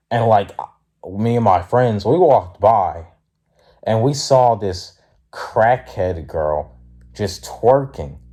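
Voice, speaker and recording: Sleepy philly guy, slow and mellow, rambling with lots of likes. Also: lowish voice. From Philadelphia, USA. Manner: rambling, many fillers, blunt and profane when heated. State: sleepy, yawning. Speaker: student vlogger. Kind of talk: casual storytelling.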